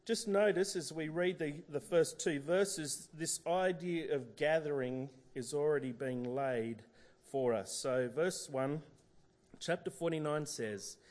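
A man's voice: fairly high pitch, darkish tone. A middle-aged man preaching a sermon, talking in a conversational way with frequent fillers and restarts.

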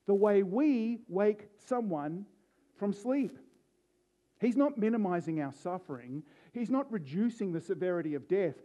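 A man's voice: high-pitched, mellow. A man preaching an Easter sermon, earnest and emphatic, reading scripture aloud in a dull lo-fi recording.

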